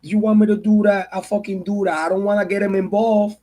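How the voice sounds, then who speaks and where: A man's voice: sits high, flat delivery, fast talker, dark tone. A man in his forties, a true crime channel host, giving an angry, profane, emotional livestream rant and repeating himself.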